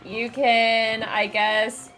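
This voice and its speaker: A woman's voice: fairly high pitch, level tone, very slow, fairly bright tone, faint music behind. A woman narrating as game master in a loose, giggly way, full of "like" fillers.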